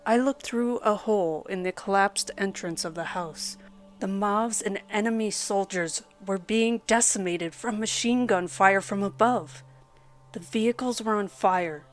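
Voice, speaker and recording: A woman reading a scripted horror story aloud as its narrator, in a steady storytelling delivery. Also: mid-range voice.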